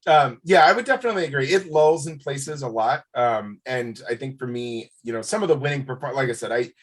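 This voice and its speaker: A man chatting as a guest on a film review podcast, animated and often laughing. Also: mid-range voice, fairly quick. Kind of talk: casual chat.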